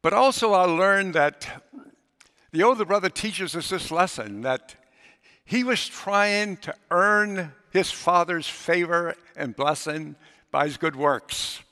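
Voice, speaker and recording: Rich: A man preaching in a church sanctuary, retelling a story and slipping into its characters' voices. His tone is bright and forceful, sitting a little high for a man. The sound carries a long hall reverb. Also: slow, clean tone. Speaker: pastor. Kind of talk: sermon.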